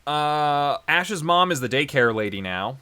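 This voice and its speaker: A man's voice: a little high, lively intonation, measured pace, pushed and bright, clear, resonant tone. A man co-hosting a casual podcast chat, rambling with lots of fillers and frequent laughs. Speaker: podcast co-host.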